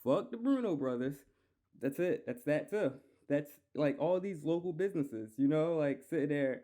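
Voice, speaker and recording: A man's voice: fairly high pitch, animated, measured pace, warm tone. A man hosting a solo podcast, ranting heatedly and profanely, repeating himself. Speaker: podcast host.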